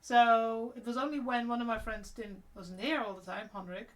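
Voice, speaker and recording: A woman's voice: a little high, fairly even intonation, moderate pace. A woman with a mixed British, American and Mancunian accent, chatting casually and rambling while she works on cosplay during a live stream. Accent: mixed British and American with Mancunian traces. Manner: rambling, chatty, trailing off mid-sentence.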